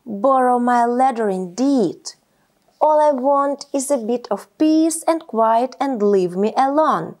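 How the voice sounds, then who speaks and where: A woman voicing a grumpy male badger in a storybook read-aloud, gruff and huffing. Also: a little high, animated, takes it slowly, darkish tone. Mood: huffy. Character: grumpy old male badger who hates being woken.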